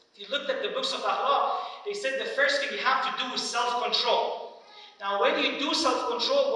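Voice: mid-range voice, sharp tone. A religious lecturer giving a sermon, talking emphatically and asking rhetorical questions. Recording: echoey hall from far off.

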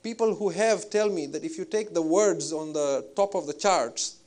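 Male preacher, slightly high voice, measured and reflective delivery with fillers. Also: darkish tone. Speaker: Islamic preacher. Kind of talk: spiritual lecture.

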